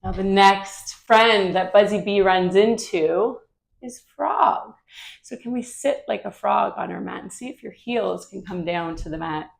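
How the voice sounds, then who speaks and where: A woman teaching children's yoga through a story, gentle and asking the kids questions as she guides the poses. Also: mid-range voice, a little slow, gravelly.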